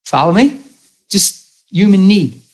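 Husky, animated male preacher. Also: high voice, slow pace, rough recording. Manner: animated storytelling with acted quotes; laughs with the audience. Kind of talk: sermon.

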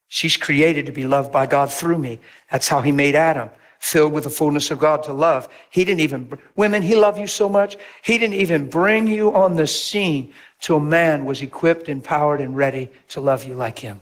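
Animated preaching man. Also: moderate pace. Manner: animated storytelling, acts out voices with big pitch jumps; drops to a near whisper for emphasis. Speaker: pastor. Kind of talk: sermon.

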